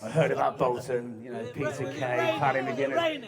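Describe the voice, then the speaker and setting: A man's voice: mid-range voice, fairly even intonation, normal speed. A young man from giving a joking, self-mocking groom's speech at a wedding reception, often breaking into laughter. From southern England. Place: wedding reception hall with guests. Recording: crowd noise of a reception. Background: guests laughing and chatting.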